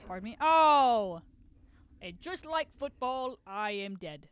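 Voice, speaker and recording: While playing on stream, this young Southern-accented woman keeps up a loose, rambling chat full of jokes and cursing. She has a mid-range, slightly bright voice that's animated, and her pace is normal.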